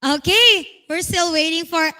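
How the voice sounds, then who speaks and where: A woman's voice: very high-pitched, unhurried, sharp tone. A woman hosting an online webinar for teachers, polite and courteous. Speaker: webinar host.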